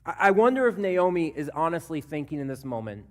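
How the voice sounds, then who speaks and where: High-voiced man preaching earnestly. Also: sing-song, brisk, hardly any pauses. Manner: earnest preaching that drops to a hush and swells when voicing scripture. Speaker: pastor. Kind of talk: sermon. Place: church sanctuary.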